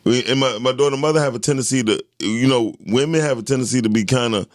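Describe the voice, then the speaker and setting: A man hosting a podcast chat, talking forcefully and emphatically, often repeating himself. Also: medium pitch, fast talker, no echo, studio quality. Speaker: podcast host. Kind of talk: casual group chat.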